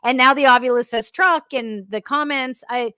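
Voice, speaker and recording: A woman's voice: high-pitched, normal speed, bright, forceful tone, smooth, dry recording, studio quality. A woman co-hosting a paranormal talk show, chatty and upbeat as she addresses viewers. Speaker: co-host. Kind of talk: casual panel chat.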